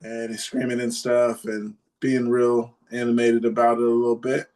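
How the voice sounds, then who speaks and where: A man's voice: mid-range voice, completely flat delivery, moderate pace, a little mellow. A man in a podcast chat, telling a story in a rambling way with many ums and restarts. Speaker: podcast guest or co-host.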